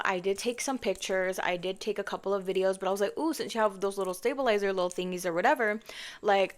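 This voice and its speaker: A young woman telling a casual story for her channel, chatty and animated, with lots of fillers and asides, acting out what people said in her own voice. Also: lowish voice. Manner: acts out quoted lines in her own voice. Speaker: car content creator telling a story.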